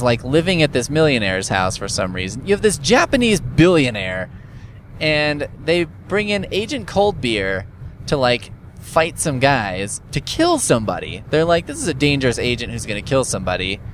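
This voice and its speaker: A man's voice: mid-range voice, slight background noise. Sarcastic man rambling through a recap. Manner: sarcastic, profane, rambling with fillers. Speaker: reviewer recapping a story. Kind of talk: casual comedic recap.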